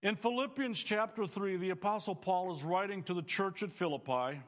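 A man's voice: sits high, moderate pace, in a large hall. A male pastor preaching a sermon to students, earnest and emphatic, building phrases up as he speaks.

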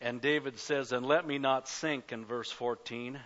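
A man's voice: medium pitch, fairly even intonation, unhurried. Impassioned preacher man, muffled lo-fi sound. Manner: impassioned preaching that swells to loud cries; addresses the congregation directly. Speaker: pastor. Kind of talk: sermon. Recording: dull lo-fi recording.

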